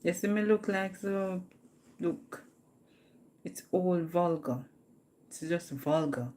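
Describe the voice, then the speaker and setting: A woman's voice: fairly low pitch, takes it slowly, dark tone. A woman with a Jamaican accent chatting casually with viewers on a live stream, talkative and laughing often. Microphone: phone.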